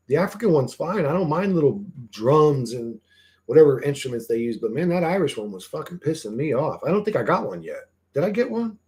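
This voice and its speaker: A man's voice: mid-range voice, big pitch swings, brisk, a little mellow. Rambling man chatting casually on a livestream. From Greek heritage. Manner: rambling, swears casually, trails off with fillers. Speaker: livestream host.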